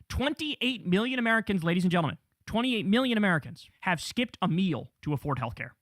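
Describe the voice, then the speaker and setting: A man's voice: on the high side, animated, fast talker, hardly any pauses, fairly bright tone, no room sound, clean studio sound. A man hosting a live political news stream, ranting heatedly and swearing as he reads headlines. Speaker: political show host.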